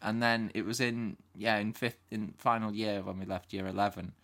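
A man from England chats casually, telling stories from his school days. His voice sits a little low but sounds bright and forward. He laughs often and slips into impressions. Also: little pitch movement, moderate pace, gravelly. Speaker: podcast co-host. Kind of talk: casual chat.

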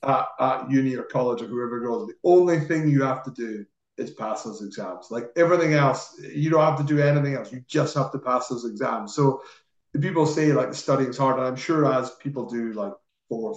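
Man chatting in a roomy, dull recording. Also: mid-range voice. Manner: relaxed, rambling, laughs often. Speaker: podcast guest. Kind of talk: casual chat.

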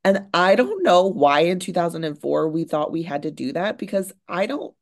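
Woman co-host with a deep voice, casual, talks her way round to the point. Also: sing-song, normal speed. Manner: chatty, repeats words while finding her point. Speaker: podcast co-host. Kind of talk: casual chat.

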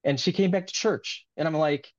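A man's voice: on the high side, moderate pace, no room sound, dull audio. A man being interviewed as an author, talking in an earnest, rambling, heartfelt way in casual conversation.

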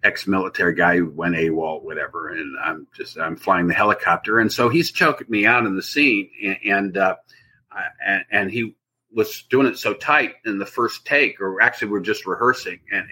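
Guy with a kinda husky lowish voice, rambling through a story, pushy and forceful. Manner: rambling, animated anecdote telling. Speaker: actor guest. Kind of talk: casual storytelling interview.

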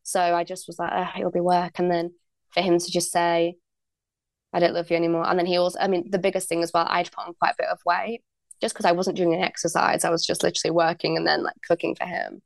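A young woman speaks as a podcast guest, recounting events in a chatty, candid way and slipping into the voices of the people she quotes. Her voice sits a little low and has a gravelly fry to it. The recording is close and dry. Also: little pitch movement, fast talker, no room sound. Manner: chatty, many likes and ums, acts out quoted dialogue. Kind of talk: candid storytelling.

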